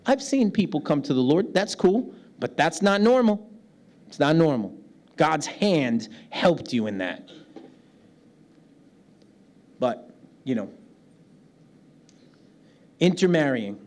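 A man with a New York accent, a pastor preaching a lively sermon, often laughing and acting out the voices of people he quotes. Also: fairly high pitch, slow pace, pauses often. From New York City, United States.

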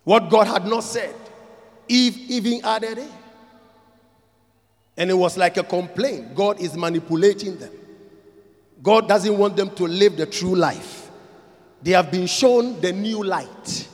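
Pastor, male, high and animated delivery, slow and deliberate, big dynamic swings from quiet to shouting, reverberant hall. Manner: dramatic swings from quiet to shouting, repeating lines for emphasis. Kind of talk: sermon.

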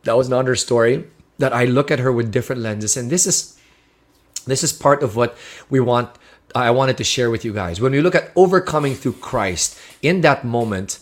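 A man's voice: mid-range voice, moderate pace. A man preaching a sermon, sharing a personal testimony in an earnest, heartfelt way with frequent restarts.

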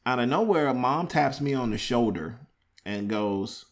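A young man hosting a casual podcast chat, teasing his brother and telling lively family stories with plenty of laughter. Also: mid-range voice, measured pace. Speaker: podcast host.

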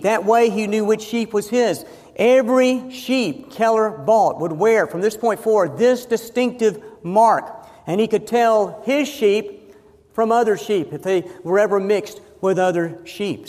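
A man preaching a sermon as pastor, emphatic and slowing down to stress key phrases. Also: high-pitched, a little mellow. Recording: long reverb of a large hall.

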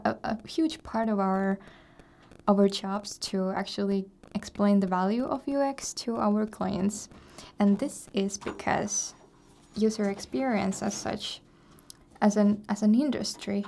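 A woman's voice: medium pitch, warm tone. A woman co-hosting a radio show, explaining topics in a friendly, chatty way with small laughs. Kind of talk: casual radio chat.

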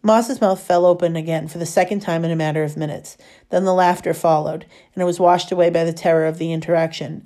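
A woman reading a novel chapter aloud in a steady storytelling manner. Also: fairly low pitch, quick pace. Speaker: reader.

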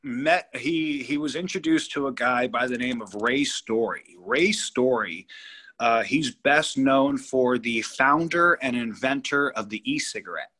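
A man in his thirties from California, telling a personal story as a guest in a casual interview, animated, blunt and profane, often repeating himself. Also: mid-range voice, unhurried. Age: 30s.

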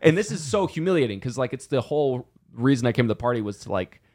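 A man's voice: mid-range voice, expressive, quick pace, darkish tone. A young man in his twenties, a podcast co-host telling a story casually, rambling and self-deprecating. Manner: rambling, self-deprecating, full of restarts and acted quotes.

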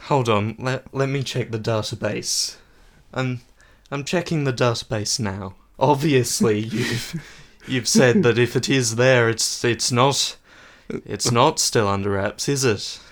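Slow, deadpan teasing man. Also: mid-range voice. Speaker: panel game player. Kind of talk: comedic bluffing game chat.

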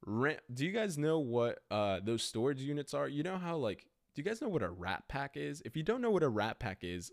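A young man hosting a podcast, telling a rambling story in a casual way, with a lot of "like". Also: medium pitch. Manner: rambling, animated, heavy use of "like". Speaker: podcast host.

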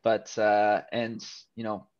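A man's voice: fairly low pitch, completely flat delivery, slow, lo-fi sound. A man co-hosting a casual podcast, retelling a TV episode in a rambling way with many fillers and restarts. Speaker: podcast co-host. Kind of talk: casual chat recapping a TV episode.

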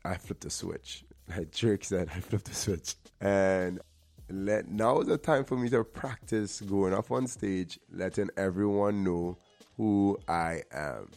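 Deep-voiced man telling earnest stories. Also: takes it slowly, vocal fry, a little mellow. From Trinidad and Tobago. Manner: earnest, storytelling, repeats words when emphasizing. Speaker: actor and show host. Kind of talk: motivational monologue. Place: LA area.

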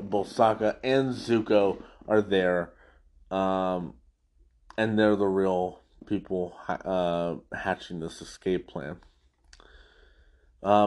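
A man hosting a casual after-show, recapping an episode as an enthusiastic fan who rambles through the plot. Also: on the low side. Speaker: podcast host.

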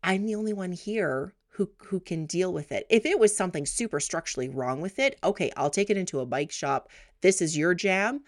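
A woman co-hosting a casual podcast, telling stories in an animated, chatty way. Her voice sits a little low, and the recording is dry and close. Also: brisk, few pauses, no echo. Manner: chatty, animated storytelling with laughs. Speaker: podcast co-host. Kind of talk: casual chat.

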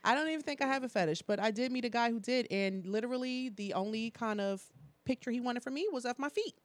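A woman co-hosting a podcast, telling stories in blunt, animated casual chat full of crude slang. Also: fairly high pitch, fast talker, no room sound. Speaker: podcast co-host.

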